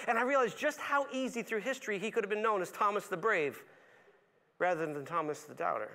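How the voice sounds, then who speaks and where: A male pastor delivering a sermon in a high, bright voice. He swings between lively acted-out voices and hushed, reflective moments. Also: a little fast. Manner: animated, acts out voices of characters with big pitch swings; drops to a soft, low reflective tone at times.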